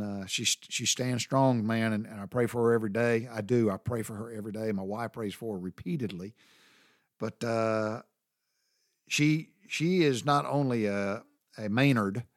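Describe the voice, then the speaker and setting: A man's voice: mid-range voice, no echo, studio quality. Drawling Southern man telling folksy stories. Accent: Southern American. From American South. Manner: rambling, drawling, swears casually. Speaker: podcast host. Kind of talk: folksy storytelling monologue.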